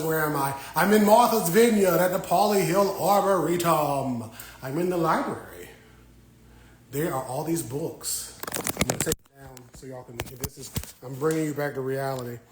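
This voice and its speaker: Speaking at a normal pitch, this man keeps up a loose, joking live-stream chat, ribbing his viewers as he talks. A phone picks him up inside a quiet library, and the rough recording carries a soft hiss.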